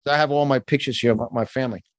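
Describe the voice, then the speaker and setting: A man's voice: mid-range voice, fairly even intonation, racing, no echo. A man, a motivational speaker and guest, talking in a fired-up, emphatic way and often repeating words, from his home studio. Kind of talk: animated interview talk.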